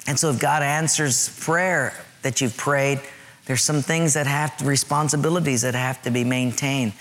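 Animated, bright-voiced male pastor. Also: mid-range voice, normal speed. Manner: lively, conversational preaching with humor. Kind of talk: sermon.

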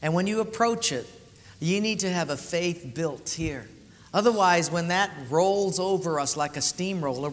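A male pastor delivers a sermon in a church hall, his voice sitting a little high for a man. He tells stories animatedly, rising to loud bursts and dropping to quiet, intimate lines. A long reverb trails his words through the room. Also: normal speed. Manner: animated storytelling, swinging between loud and hushed.

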